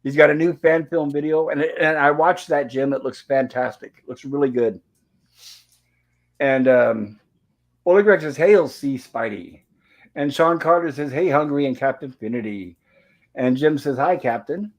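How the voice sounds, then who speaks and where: A man's voice: a little high, normal speed. A man hosting a review livestream, casually reading out viewer comments in a friendly, rambling way with many fillers.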